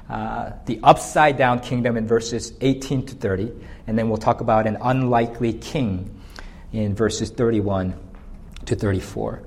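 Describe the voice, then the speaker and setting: A male pastor preaching an expository sermon, lifting his voice on emphatic points. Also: mid-range voice.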